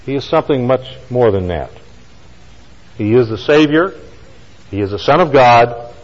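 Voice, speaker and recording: Man preaching with slow emphatic stresses. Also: medium pitch, animated, in a large hall, muffled recording. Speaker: pastor. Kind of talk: sermon storytelling.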